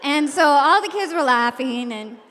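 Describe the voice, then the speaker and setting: Lady teacher telling a story on stage, high voice, lively, does the voices, big echoey hall. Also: normal speed, crowd noise, noisy background. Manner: animated, acts out voices and shouts in quotes. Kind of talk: storytelling to an audience.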